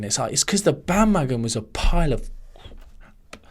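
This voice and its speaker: A man hosting a solo podcast, ranting in a loose, animated way that keeps swerving into tangents. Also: medium pitch, a little fast. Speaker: podcast host. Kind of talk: casual solo podcast monologue.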